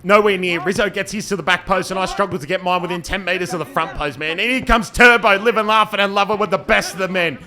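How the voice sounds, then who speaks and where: Bright, high-voiced man commentating. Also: quick pace, few pauses. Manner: playful, joking asides, bursts into excited shouts. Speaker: football commentator and team player. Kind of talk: jokey amateur match commentary voice-over.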